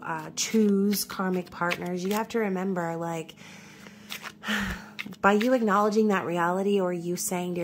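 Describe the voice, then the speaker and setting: Lowish-voiced woman from new york doing a chatty tarot reading, keeps saying okay, bit of faint hum behind. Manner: chatty, reassuring, frequent "okay?" check-ins. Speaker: tarot reader.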